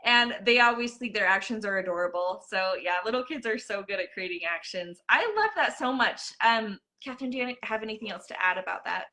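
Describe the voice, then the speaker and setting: A woman's voice: mid-range voice, a little fast, hardly any pauses, bright, forceful tone. A woman hosting a casual chat about teaching children, enthusiastic and full of praise. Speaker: host.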